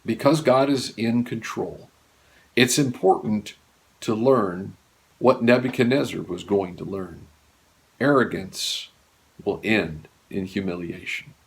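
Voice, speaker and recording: A male pastor preaching a sermon, earnestly, with wide swings from raised emphasis to hushed low lines. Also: takes it slowly, vocal fry. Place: church.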